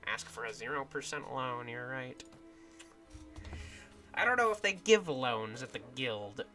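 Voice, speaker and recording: A man's voice: medium pitch, animated, measured pace, sharp tone, faint music behind. A man streaming a game in casual commentary, thinking aloud and often trailing off and restarting.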